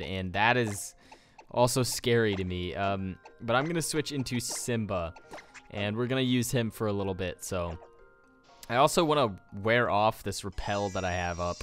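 A young man giving casual commentary as he plays a game, swinging from loud outbursts to low muttering. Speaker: let's play gamer.

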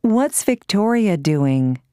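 A woman reading questions slowly and carefully in a grammar drill for an English course. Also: medium pitch, sing-song, dark tone, dry recording, studio quality.

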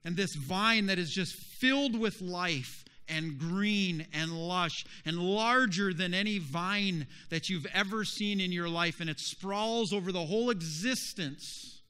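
A male pastor preaching a sermon, telling a story slowly and dramatically with emotional swells. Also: high voice, bright, forceful tone, smooth.

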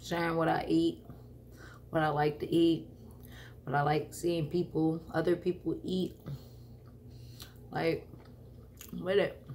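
A woman's voice: low voice, flat delivery, slow, pauses often, a little mellow, a little hiss or hum. A woman hosting a casual eating vlog, talking between bites in a loose, slangy way and often chuckling. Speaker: mukbang vlogger.

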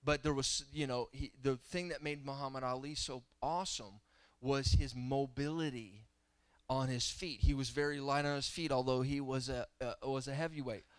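A guest preacher in his thirties delivers a sermon in a church sanctuary, moving from storytelling into fervent exhortation. His mid-range voice has fairly even intonation and a clean tone at a moderate pace, with no room sound.

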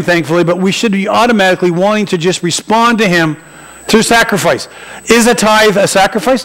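High-voiced joking pastor. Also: male voice, a bit bright, slight background noise. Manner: conversational and joking, with acted-out asides. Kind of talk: sermon. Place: church sanctuary. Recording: poor quality church recording.

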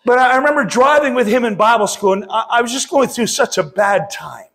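A man's voice: very high-pitched, animated, a little fast, vocal fry, a bit bright. A middle-aged man preaching a sermon as pastor, impassioned and often calling out to the congregation.

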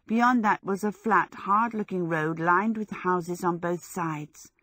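A woman's voice: on the low side, slow pace, a bit bright, no room sound. Woman reading a storybook, dry close sound. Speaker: audiobook narrator. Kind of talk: scripted narration.

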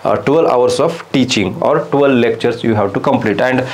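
A man, explaining a university course syllabus as a lecturer, halting often with fillers and restarts. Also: medium pitch. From India.

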